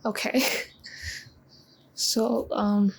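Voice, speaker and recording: A woman in her twenties talking in a confessional vlog, halting with many pauses and close to tears. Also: mid-range voice, level tone, gravelly, husky, poor audio. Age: 20s. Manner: halting, full of pauses and restarts. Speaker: vlogger.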